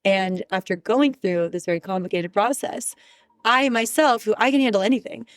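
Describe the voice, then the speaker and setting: A woman's voice: mid-range voice, normal speed, dry recording, studio quality. A woman guest on a podcast who speaks candidly and with emphasis, sharing her views in casual conversation. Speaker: podcast guest, relationship expert.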